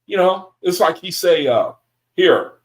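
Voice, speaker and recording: A man runs a Bible study, reading scripture out loud and reacting to it with excitement, laughing often and addressing everyone as brethren. His voice is slightly high and slightly slow, and the audio quality is poor.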